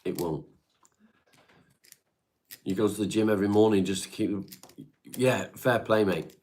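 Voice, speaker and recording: There's slight background noise as a middle-aged man from England, speaking in a Devon accent, reads chat on his home livestream. His voice sits on the low side with a darkish tone and an unhurried pace, and he answers viewers casually and bluntly, cursing freely.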